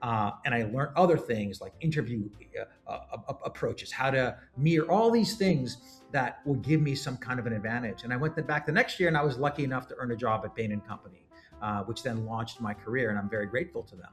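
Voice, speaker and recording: A middle-aged man from Canada telling his story as a startup founder in an interview, animated and often restarting his words. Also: mid-range voice, fairly quick, faint music behind.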